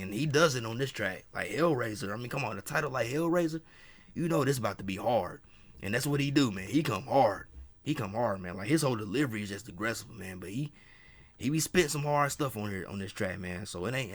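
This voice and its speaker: A man with a somewhat low voice talks through an album review in a loose, unscripted way. He gets enthusiastic, circles back over his points and peppers his talk with "man" and "you know.". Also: fairly bright tone. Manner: enthusiastic, repeats himself, says "man" a lot. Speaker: music reviewer. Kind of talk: casual album review monologue.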